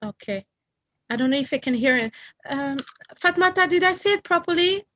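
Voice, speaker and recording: A woman's voice: high-pitched, expressive, brisk, fairly bright tone. A woman with a French accent, a native French speaker, hosting an online memorial gathering and carefully checking how to say guests' names. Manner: careful about pronouncing names, apologetic. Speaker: event host. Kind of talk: casual online meeting chat. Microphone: video call.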